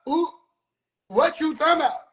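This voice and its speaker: High-voiced man on a heated rant. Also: moderate pace. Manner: heated, profane, incredulous, often shouting. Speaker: video commentator. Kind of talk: ranting commentary.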